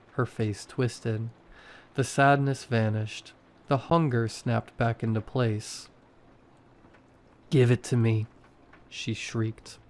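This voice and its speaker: A man narrates a first-person horror story in short, clipped, tense sentences. He keeps a slow, unhurried pace. His delivery is steady and deliberate. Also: medium pitch.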